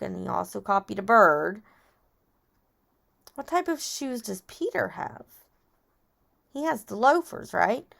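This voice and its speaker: A woman's voice: medium pitch, vocal fry. A woman teacher reading a chapter book aloud to children, stopping to ask and explain vocabulary words.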